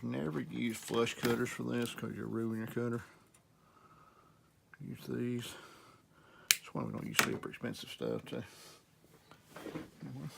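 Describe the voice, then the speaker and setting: Middle-aged Southern man, heavy vocal fry, laid-back workshop instructor, faint noise. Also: mid-range voice. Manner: relaxed, rambling, talks while working. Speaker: guitar repair instructor. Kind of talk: casual how-to demonstration.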